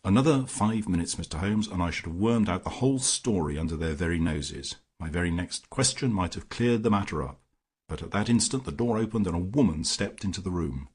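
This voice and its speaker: A man narrating a classic detective story in the first person, measured and even. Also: sits low, breathy edge. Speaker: audiobook narrator.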